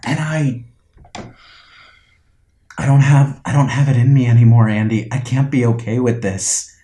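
A man's voice: mid-range voice, steady tone, unhurried, warm tone, reverberant. A man co-hosting a podcast, talking in an impassioned, opinionated casual way. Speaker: podcast co-host. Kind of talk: casual chat.

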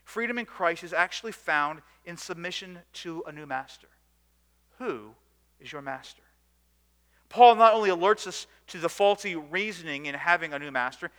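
High, bright-voiced man preaching a sermon. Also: in a large hall. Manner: earnest, rising to emphatic bursts then dropping low. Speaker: pastor.

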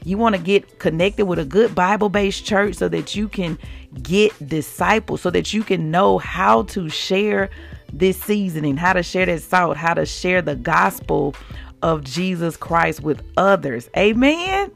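Exuberant woman with a gravelly edge. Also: lowish voice, unhurried, faint music behind. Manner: exuberant, laughing, calls out to listeners. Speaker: Christian podcast host. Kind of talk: devotional podcast talk.

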